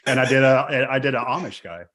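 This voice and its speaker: A man's voice: medium pitch, a little fast, a bit bright. A man co-hosting a podcast in casual chat, joking and self-deprecating. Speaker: podcast co-host.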